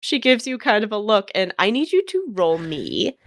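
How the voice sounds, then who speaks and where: A woman running a tabletop game, narrating casually with a giggle now and then. Her voice is mid-pitched and the sound is dry and close. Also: big pitch swings, moderate pace, no echo. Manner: casual, giggly, lots of fillers. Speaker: game master.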